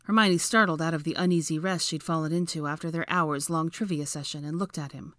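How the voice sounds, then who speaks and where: A woman reading fan fiction aloud as audiobook narration. Her voice sits low and she reads in a measured, even way. The recording is dry and close. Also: dry recording.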